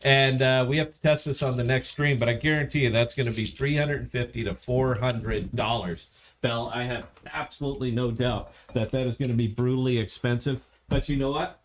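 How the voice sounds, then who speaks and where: A man of middle pitch, neither high nor low, chatting loosely as co-host of a bourbon tasting stream. He teases his partner, jokes crudely and stumbles over restarts in an easygoing, rambling way. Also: steady tone, a little fast, slight background noise. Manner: joking, teasing, rambling with restarts. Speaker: podcast co-host.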